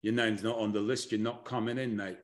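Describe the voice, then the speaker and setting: Guy doing a deep gruff doorman, southern english accent, stern and blunt, turning you away. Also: fairly even intonation, fairly quick, close to an everyday voice.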